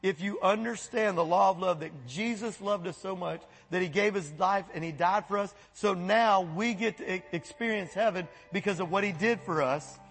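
A pastor preaching a sermon to his church in a folksy, animated way, chuckling and acting out voices as he goes. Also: high voice, moderate pace, hardly any pauses, husky, big-room sound. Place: church sanctuary.

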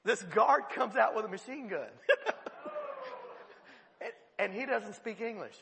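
A man preaches with a high, gravelly, bright voice. He tells a funny story in an animated way and often breaks into laughter mid-sentence. The long reverb of a large hall trails behind his words. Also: measured pace, a little hiss or hum. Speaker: pastor. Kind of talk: sermon with humorous storytelling.

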